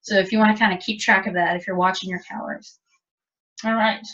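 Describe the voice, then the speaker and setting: In dull lo-fi audio taken from a distance, a cooking instructor explains a demonstration step by step in a chatty manner. Her voice is mid-range, steady in tone, brisk and fairly bright.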